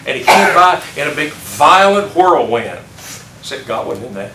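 A man's voice: fairly high pitch, sing-song, moderate pace, sharp tone, recorded from a distance. Older man teaching a folksy Bible class. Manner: folksy, chuckling, asks the class questions. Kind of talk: informal Bible class lesson. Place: classroom or church meeting room. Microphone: distant room mic. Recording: echoey room recorded from afar with background noise.

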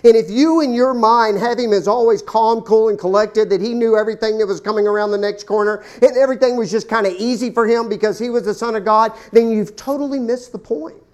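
With a high voice, a male preacher performs his sermon theatrically, addressing the congregation as folks and throwing out rhetorical questions. He alternates between booming exclamations and hushed lines that are almost whispered.

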